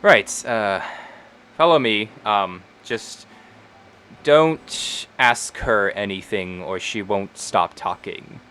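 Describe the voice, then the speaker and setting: A tired, reserved adventurer who keeps answers short, played by a man at the game table. The voice is low-key and flat with a bright edge. It sounds worn out by attention. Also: slow pace, clear, resonant tone. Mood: weary.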